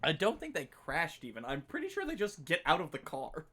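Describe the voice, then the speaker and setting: Casting note: male co-host, slightly high voice, punchy storyteller who swears casually while recapping. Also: wildly swooping pitch, brisk, bright, forceful tone, breathy edge. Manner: emphatic storyteller, swears freely. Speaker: book club podcast co-host. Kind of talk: casual chat, retelling a story.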